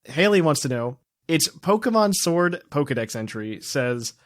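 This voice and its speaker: A man's voice: a little high, sing-song, measured pace, dry recording, studio quality. A man hosting a quiz segment on a casual podcast, reading out questions and teasing the guests.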